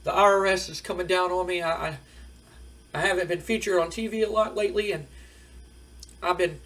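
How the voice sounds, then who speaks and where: A man's voice: high-pitched, fairly even intonation, brisk, fairly bright tone, far from the mic, pitched above the performer's own voice, poor audio. A man voicing a broke former champion wrestler who stammers and pleads through tears. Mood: whiny stammering. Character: whimpering broke male ex-champion wrestler begging.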